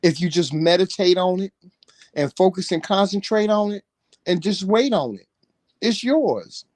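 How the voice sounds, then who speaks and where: A man's voice: high-pitched, animated, a little slow, a little mellow, dry recording. A man in casual chat, talking animatedly in a preachy way and swearing freely. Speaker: co-host.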